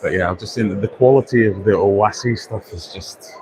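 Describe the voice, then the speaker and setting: Chatty low-voiced man in noisy hall. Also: fairly quick. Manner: chatty, self-deprecating, thinking aloud. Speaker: livestream host. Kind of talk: casual live walkaround chat. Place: busy indoor trade show hall. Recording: noisy exhibition hall ambience. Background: crowd chatter and hall noise.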